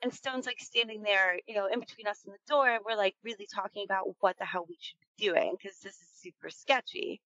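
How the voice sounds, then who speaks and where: A woman's voice: medium pitch, a little fast, few pauses, fairly bright tone, no echo, highs cut off. A woman in her thirties telling a frightening true story in a casual, rambling way, full of fillers and swearing. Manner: tense, keyed-up retelling.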